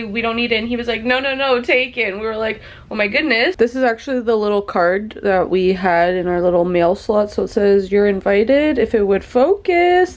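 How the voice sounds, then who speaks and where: A woman chatting casually to her camera in a travel vlog, bubbly and full of fillers, from a cruise ship cabin. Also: on the high side. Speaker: travel vlogger.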